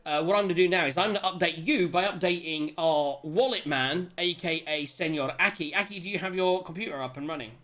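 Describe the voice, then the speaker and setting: A man hosting a tabletop role-playing stream, chatting excitedly and rambling with many restarts. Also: on the high side, fairly quick, hardly any pauses. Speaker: host and player character. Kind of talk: casual chat opening a tabletop game stream.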